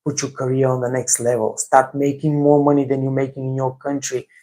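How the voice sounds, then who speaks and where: A man's voice: medium pitch, level tone, brisk, dark tone. A man from Bulgaria with a Bulgarian accent, giving blunt casual advice on a live stream, repeating himself often with many fillers. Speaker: host of a live stream for waiters.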